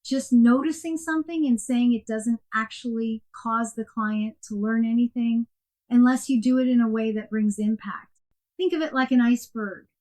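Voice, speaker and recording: Measured woman teaching a coaching lesson. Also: on the high side, darkish tone. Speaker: coaching instructor. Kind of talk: scripted instructional narration.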